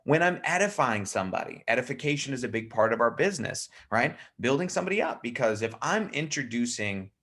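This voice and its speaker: A man coaching a sales team in a lively, hands-on way, his voice sitting at a middle pitch with a gravelly edge. He keeps breaking into short acted voices to show how different people talk. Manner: animated, acts out personality types in quick put-on voices. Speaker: network marketing trainer. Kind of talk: live team training talk.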